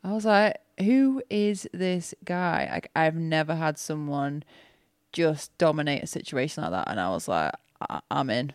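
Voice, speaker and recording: Low-voiced candid woman. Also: expressive, moderate pace, no echo, clean studio sound. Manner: open, candid storytelling. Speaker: podcast co-host. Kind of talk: casual chat.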